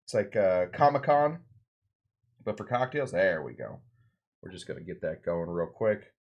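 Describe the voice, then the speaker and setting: A man's voice: sits low, lively intonation, normal speed, lo-fi sound. A bartender hosting a cocktail show, talking loosely and rambling with lots of fillers and asides while he mixes drinks. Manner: rambling, loose, full of fillers and side remarks. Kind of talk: casual cocktail-making demonstration.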